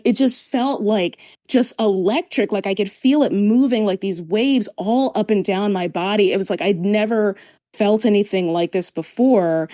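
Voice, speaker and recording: A woman's voice: mid-range voice, warm tone, no room sound. A woman guest on a podcast, telling a personal story in casual chat, acting out the voices of others and swearing now and then.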